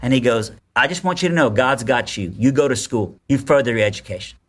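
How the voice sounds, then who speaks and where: A man in his forties tells a personal story in a casual podcast chat, bright and forceful in tone. He brings it to life by acting out what each person said. The pitch sits in the middle for a man. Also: fast. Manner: animated storyteller, acts out quotes. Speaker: podcast guest.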